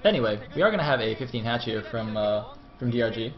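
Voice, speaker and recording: A man's voice: mid-range voice, animated, quick pace, muffled recording. A man casting a game match in a casual, rambling way, often mocking himself and swearing. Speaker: amateur esports caster.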